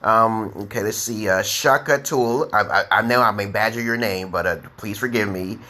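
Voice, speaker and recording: A man's voice: lowish voice, normal speed, pushed and bright. Rambling American man teaching live. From United States. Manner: rambling, repeats "okay" often; chants the alphabet in a rising sing-song. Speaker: English teacher. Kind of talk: casual livestream teaching.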